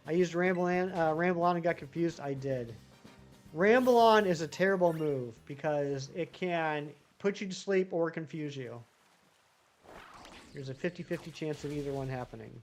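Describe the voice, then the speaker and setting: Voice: medium pitch, moderate pace, a little mellow, faint music behind. A live-streaming gamer chatting casually with viewers, rambling and answering the chat while playing.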